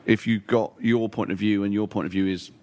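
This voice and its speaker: A man's voice: fairly low pitch, steady tone, a little fast, a little mellow. A middle-aged man chatting as a podcast guest, rambling with restarts and casual swearing. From London. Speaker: guest comedian. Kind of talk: casual chat.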